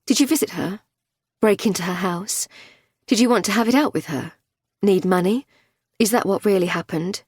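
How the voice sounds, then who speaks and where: A woman reading the part of a calm police sergeant pressing a suspect with questions. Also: medium pitch, normal speed, slightly rough, dry recording, studio quality, close to an everyday voice.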